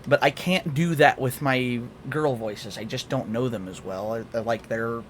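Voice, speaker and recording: A man's voice: mid-range voice, moderate pace, a loud crowd. A man streaming, chatting casually and rambling a little as he tries out different voices on a desk mic. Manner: rambling, self-correcting, experimenting with voices.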